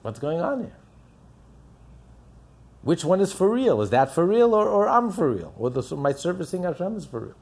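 A man's voice: sits high, sing-song, moderate pace, vocal fry, pauses often, a little mellow, breathy edge. A man preaching a sermon, impassioned and building up with rhetorical questions. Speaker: religious teacher.

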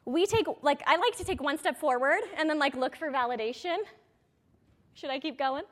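Woman, 30s, high-voiced direct sales coach, rambling and self-deprecating. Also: moderate pace. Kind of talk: motivational talk to an audience.

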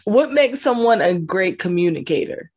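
A woman's voice: mid-range voice, big pitch swings, moderate pace, darkish tone, slightly rough. A woman hosting a podcast interview, chatty and upbeat, often restarting her sentences. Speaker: podcast host.

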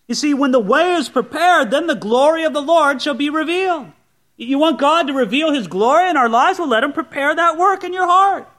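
A man's voice: extremely high pitch, lively intonation, a little fast, a bit bright. A man preaching a sermon, teaching through a Bible passage verse by verse with conversational asides to the congregation. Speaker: pastor.

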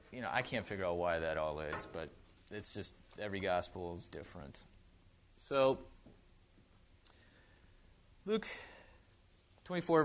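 A man's voice: mid-range voice, fairly bright tone. A man with a Wisconsin accent giving a casual sermon, chatty with joking asides and frequent restarts. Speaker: pastor.

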